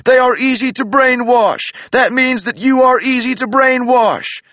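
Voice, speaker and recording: A man's voice: extremely high pitch, a little slow, fairly bright tone, no echo, voice pushed up. A man voicing a furious macho male drill sergeant who barks every line in a wrestler-style delivery. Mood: scornful. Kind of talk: audiobook character voice.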